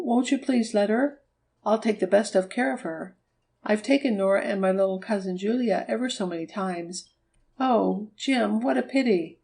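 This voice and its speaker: A woman's voice: medium pitch, vocal fry, dark tone, natural voice. A woman reading aloud, voicing an eager and persuasive young girl who begs to go out.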